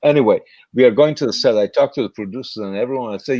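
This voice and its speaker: An older man with a non-native English accent, an actor guest telling lively anecdotes over a video call and acting out the voices in them. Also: medium pitch, rapid-fire, hardly any pauses, no room sound, lo-fi sound. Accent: speaks English with a non-native accent. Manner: lively, acts out voices in his stories. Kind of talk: animated anecdote storytelling.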